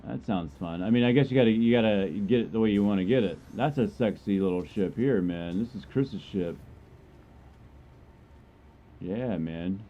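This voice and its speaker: A man's voice: on the low side, normal speed, highs cut off, slight background noise. A man giving casual, joking commentary while streaming a game, chatty and rambling as he plays.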